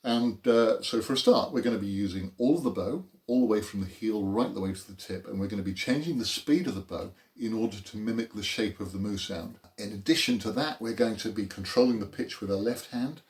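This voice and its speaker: A man's voice: on the low side, brisk, hardly any pauses, a little mellow. A man teaching a beginner cello lesson in an informal, explanatory way with dry, self-mocking humour. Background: cello playing between phrases.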